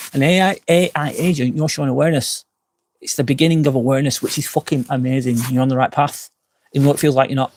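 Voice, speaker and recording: By a campsite fire pit at night, a tipsy forty-something live-stream host slurs as he casually answers comments, rambling frankly and swearing often. His voice is fairly high and a little mellow, with no echo.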